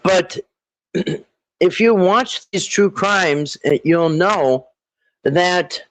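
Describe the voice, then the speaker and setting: A man hosting a casual live stream, rambling with halting restarts and frequent throat clearing. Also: high-pitched, fairly bright tone, dry recording, low-quality recording. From Minnesota.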